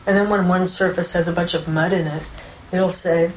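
A woman giving an unscripted spiritual teaching, explaining ideas calmly and often checking in with "right?" and "you know". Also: lowish voice, normal speed. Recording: roomy echo with faint background noise.

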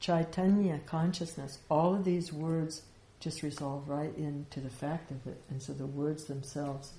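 A woman's voice: deep voice, little pitch movement, unhurried, warm tone. A woman giving an informal spiritual teaching, talking conversationally with rhetorical questions and light laughs. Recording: echoey room with faint ambience.

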